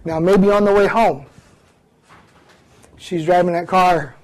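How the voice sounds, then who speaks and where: An older man with a fairly high voice speaks bluntly and with folksy humor. He is a former police officer addressing young offenders, and he tells his stories in an animated, down-to-earth way. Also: slow, low-quality recording. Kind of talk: comedic talk to a live group.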